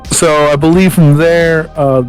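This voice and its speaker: A man's voice: on the high side, fairly even intonation, a little slow, soft background music, rough recording. A man co-hosting a podcast, summarizing a film's plot in a laid-back, joking way. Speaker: podcast co-host. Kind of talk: casual podcast chat.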